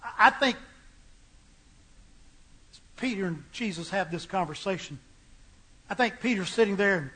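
High-voiced, emphatic male preacher. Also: lively intonation, measured pace, pauses often, sharp tone, husky. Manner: emphatic, repetitive preaching cadence. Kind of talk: sermon.

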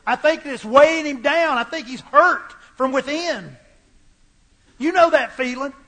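A man preaches a sermon with a very high, bright voice. He builds his points through emphatic repetition, returning to the same phrases again and again. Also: measured pace.

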